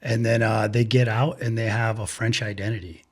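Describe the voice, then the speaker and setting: A man's voice: lowish voice, little pitch movement, moderate pace, slightly rough. A man co-hosting a podcast, telling stories in rambling, profane casual chat full of fillers. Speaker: podcast co-host.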